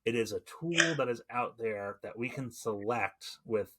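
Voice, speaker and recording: A man's voice: medium pitch, animated, measured pace, background noise. A man in his forties hosting a casual podcast conversation, talking in a rambling way with many fillers and restarts. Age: 40s. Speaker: podcast host and former EMT.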